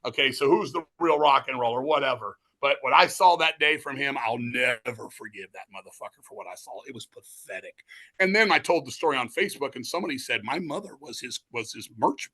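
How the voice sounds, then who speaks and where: A middle-aged man telling animated, profanity-heavy stories in a casual interview. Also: medium pitch, fairly quick. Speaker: guest musician.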